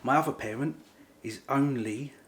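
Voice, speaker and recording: A man talks casually to camera in a vlog, at a middling pitch. He rambles, stops to correct himself and carries on in an easy, chatty manner. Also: normal speed. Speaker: vlogger. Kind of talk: casual chat.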